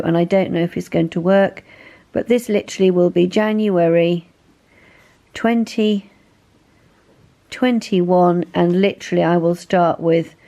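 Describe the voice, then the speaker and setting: A woman with a slightly low voice chats through her sewing projects and plans. She rambles a little and pokes fun at herself, like a friendly home vlogger recording on her phone. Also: creaky, warm tone. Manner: chatty, rambling, self-deprecating. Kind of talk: casual vlog chat.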